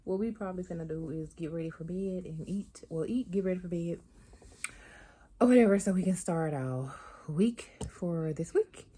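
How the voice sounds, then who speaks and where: A woman's voice: lowish voice, normal speed, mellow, slightly rough. Sex: woman. Role: chatty vlogger. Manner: slangy, talks to viewers. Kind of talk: casual vlog chat to camera.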